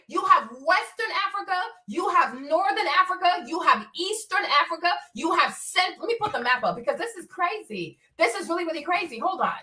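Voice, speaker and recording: A woman's voice: very high-pitched, pushed and bright, far from the mic. A woman hosting a livestream commentary, talking casually to her viewers, swearing and firing off repeated rhetorical questions. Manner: emphatic, repetitive, rhetorical questions. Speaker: commentary show host. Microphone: streaming setup mic.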